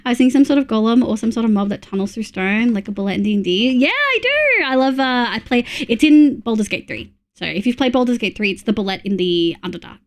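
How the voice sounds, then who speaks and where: A woman's voice: fairly high pitch, fast talker, hardly any pauses, a little mellow. A woman from Australia streaming a game, counting items under her breath between chatty asides to her viewers. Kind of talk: casual gameplay chat with chat readers.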